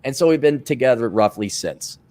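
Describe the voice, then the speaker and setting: A man tells stories in casual chat, speaking a little fast with no echo. He's animated, acting out quoted dialogue with big pitch swings and swearing now and then.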